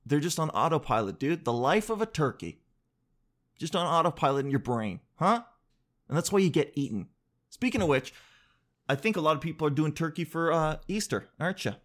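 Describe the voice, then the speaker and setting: Joking male host with a slightly high voice who rambles, breaks off mid-sentence and swears casually. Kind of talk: casual comedic storytelling monologue.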